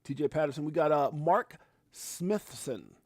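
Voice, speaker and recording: A man hosting a casual live stream, hyped and effusive, giving one shout-out after another to people watching. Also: fairly high pitch, lively intonation, unhurried, very noisy. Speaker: livestream host. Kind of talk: casual live-stream chat reading out viewer names.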